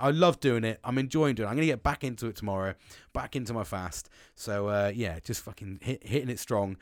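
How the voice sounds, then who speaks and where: Male podcast host, mid pitch, blunt and sweary, rambling, dry close-mic sound. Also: no echo. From England. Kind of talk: casual solo podcast monologue. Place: small wooden shed.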